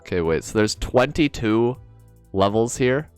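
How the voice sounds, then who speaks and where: A man's voice: medium pitch, expressive, a little slow, clean tone, no room sound, faint music behind. A man streaming a video game, chatting casually and reading the on-screen dialogue aloud.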